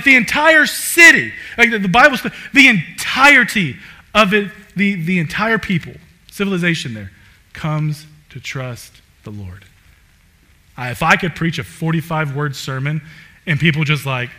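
A man preaching a sermon in a casual, conversational way, full of "like" fillers, swinging from loud emphatic bursts to low quiet asides. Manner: animated, rising loud and emphatic then dropping low.

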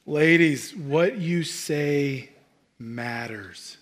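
A man preaching a sermon, humorous and animated, swinging between loud excitement and hushed asides. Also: fairly high pitch, drawn-out words. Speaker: pastor.

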